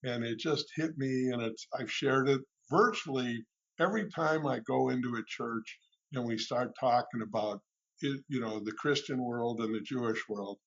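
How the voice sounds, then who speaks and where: A man's voice: medium pitch, moderate pace. A man who is a guest on a casual radio conversation, telling stories with frequent restarts and fillers, heard on a slightly muffled radio recording.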